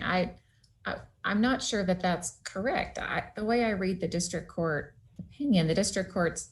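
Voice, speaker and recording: A woman appellate judge questioning counsel with pointed, probing questions. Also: lowish voice. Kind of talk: questioning counsel in oral argument.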